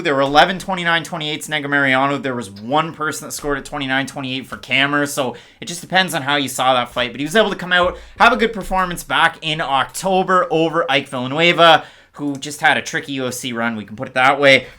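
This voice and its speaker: Male podcast co-host, bright tone, casual stat-heavy fight talk. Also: fairly high pitch. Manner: stat-heavy, rapid-fire breakdown.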